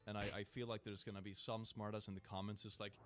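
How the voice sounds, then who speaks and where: A man's voice: on the low side, flat delivery, fast, a little hiss or hum. A young man streaming, casually joking as he reacts to clips and reads posts aloud.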